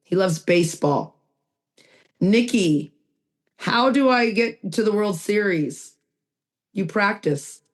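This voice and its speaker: Co-hosting a recovery podcast over a video call mic, this woman has a mid-range voice with lively intonation, speaking slowly with long pauses. She's emphatic and poses rhetorical questions only to answer them herself.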